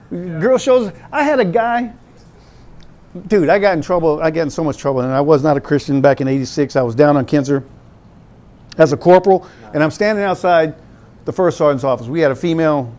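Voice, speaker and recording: A pastor in his fifties talks to young people with an animated, teasing style. His voice sits fairly high for a man and jumps around as he tells stories. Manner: animated, joking, conversational storytelling.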